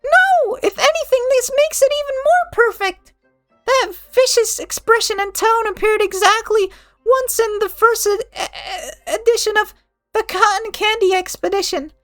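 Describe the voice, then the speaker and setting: A man squeaking out a gushing cuteness-crazed girl. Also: fairly bright tone. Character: cuteness-obsessed excitable young girl. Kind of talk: reading game dialogue aloud.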